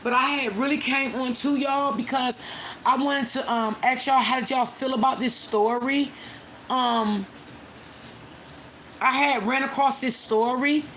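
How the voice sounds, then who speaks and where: A woman hosting a casual live stream, retelling a story to her viewers in a chatty way with many pauses and fillers. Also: on the high side, fairly bright tone, slight background noise.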